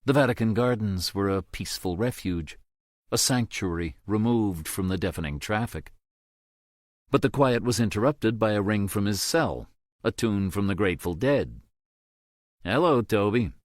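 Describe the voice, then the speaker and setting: Man narrating an audiobook, kinda low voice, steady and measured, dead dry sound. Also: no room sound.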